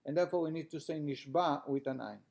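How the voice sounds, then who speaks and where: A man's voice: a little high, quick pace, creaky, a little mellow. A man teaching a class, reading a text aloud and then explaining it in plain words with frequent restarts.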